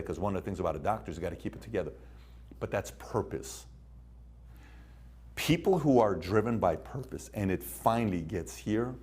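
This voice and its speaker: A man's voice: fairly low pitch, a little mellow, breathy edge. A man giving a motivational talk, telling stories in a punchy way and putting questions to his listeners. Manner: storytelling, punchy, asks the room questions. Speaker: motivational speaker.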